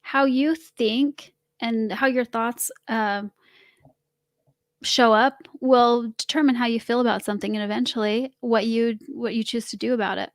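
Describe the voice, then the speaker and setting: A woman's voice: fairly high pitch, steady tone, measured pace, no echo, clean studio sound. A woman guest on a podcast, explaining her ideas casually and laughing at herself as she talks. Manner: laughs while explaining, self-mocking. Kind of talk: casual interview chat.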